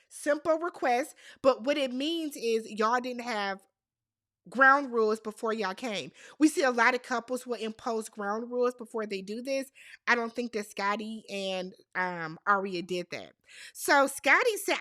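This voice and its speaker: A high-pitched woman recaps a reality show in a sassy, animated voice and leans on emphatic repetition. Her voice sounds dry and close, with no room echo. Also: a little slow. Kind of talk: casual recap commentary.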